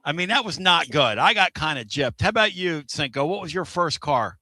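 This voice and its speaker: A man hosting a sports radio show, energetic and rambling, laughing often between stories. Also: on the high side, fairly quick, no room sound. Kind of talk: excitable sports radio chat.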